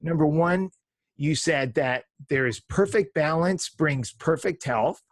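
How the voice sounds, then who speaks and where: A man's voice: fairly high pitch, slow pace, no echo. A man in his fifties, a chiropractor hosting an interview podcast, who reads a formal guest introduction with the odd filler. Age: 50s.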